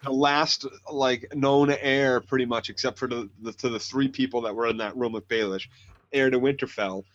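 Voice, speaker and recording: A man with a mid-pitched voice co-hosts a casual podcast and lays out his opinions earnestly. His voice comes through dull and lo-fi, with the high end muffled. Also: steady tone, normal speed. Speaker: podcast co-host. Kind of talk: casual chat. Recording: dull lo-fi sound.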